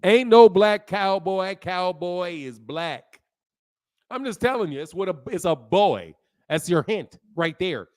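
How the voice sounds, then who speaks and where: Male stream host with a high voice. Heated, slangy, repetitive lecturer answering chat. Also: expressive, a little slow, darkish tone. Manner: heated, lecturing, loose slang, repeats himself. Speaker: livestream host. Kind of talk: casual livestream talk, answering chat.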